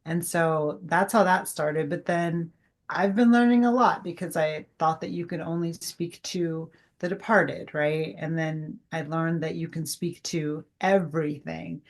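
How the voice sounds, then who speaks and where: Chatty woman with a lowish voice. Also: fairly even intonation, a little slow. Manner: chatty, acts out quoted dialogue, many fillers. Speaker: guest. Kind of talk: casual interview storytelling.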